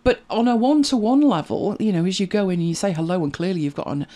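A middle-aged English speaker chatting in an easy, reflective way, breaking into small laughs and side comments. The voice sits at a middling pitch and keeps a conversational flow. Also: quick pace, mellow. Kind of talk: casual chat.

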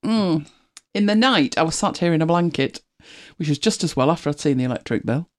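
Host, casual chat to viewers, animated pitch, chatty and self-correcting. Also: brisk. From United Kingdom. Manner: chatty, rambling, self-correcting, laughs often. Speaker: livestream host.

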